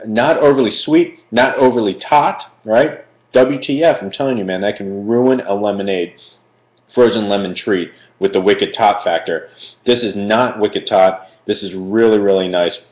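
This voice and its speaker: Man, chatty food reviewer, rambling, lowish voice, echoey room, dull lo-fi audio. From Philadelphia. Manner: chatty, rambling, digresses with fillers. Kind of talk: casual live-stream food review.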